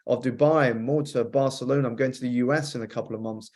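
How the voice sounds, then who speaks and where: A man, a coach and author, telling his life story as an interview guest in a measured, reflective way, listing items and pausing on frequent uh's. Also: medium pitch, steady tone, a little mellow.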